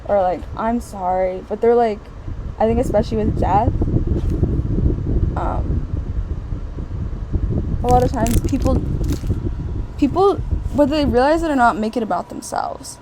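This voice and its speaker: A woman's voice: on the high side, unhurried, pauses often. A woman vlogger talking casually about a book, rambling and emphatic with lots of fillers. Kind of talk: casual book review chat. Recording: steady air-conditioner hum behind the voice. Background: air conditioning hum.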